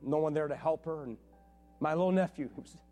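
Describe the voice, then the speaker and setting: A man preaching as a pastor, telling a personal story in a conversational, animated way and acting out the dialogue. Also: fairly high pitch, a little fast, faint music behind. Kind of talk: sermon storytelling.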